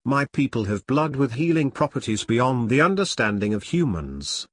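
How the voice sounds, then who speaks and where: A man voicing a solemn male Sasquatch who speaks gravely and earnestly. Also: medium pitch, very animated, moderate pace, dry recording, studio quality.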